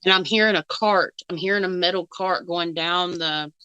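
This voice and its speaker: A woman's voice: on the low side, moderate pace, bright, forceful tone, clean tone, no echo, highs cut off. A woman co-hosting a casual reaction chat as a psychic, rambling with fillers and frequent giggles. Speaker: psychic co-host.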